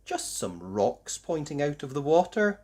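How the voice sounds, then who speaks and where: A man reading a children's picture book aloud, narrating slowly and expressively for young listeners. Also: fairly high pitch. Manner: slow, expressive storytelling. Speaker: storybook reader.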